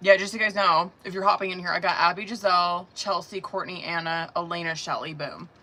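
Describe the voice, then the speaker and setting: A woman doing tarot readings on a live stream, talking in a casual, slangy, profane way and laughing often. Her throat is sore, so she keeps her voice soft. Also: on the low side, fairly even intonation, fast talker. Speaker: tarot reader.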